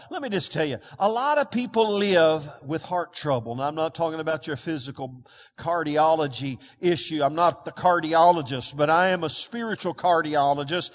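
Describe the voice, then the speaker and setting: A man preaches from the pulpit, his voice sitting high for a man. He calls out for answers from the congregation and moves between booming declarations and hushed asides, while a long reverb from the big church hall trails every phrase. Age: 60s. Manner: preaching with call-and-response, swinging between loud proclamations and quiet asides. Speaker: pastor. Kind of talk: sermon. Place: church sanctuary.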